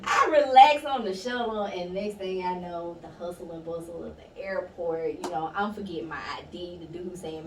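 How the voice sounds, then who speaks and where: A woman's voice: fairly low pitch, moderate pace, few pauses, far from the mic. A woman spins a story in casual chat, her voice swinging up when she acts out other people. She sits back from the mic in an echoey room with a faint hiss underneath. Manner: animated, laughing, acts out quoted voices. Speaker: guest storyteller.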